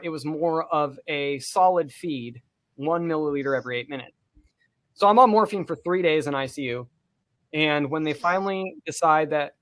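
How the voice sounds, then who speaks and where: A man's voice: on the high side, fairly bright tone. A man co-hosting a podcast, telling a personal story in a casual, profane and vivid way. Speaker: podcast co-host.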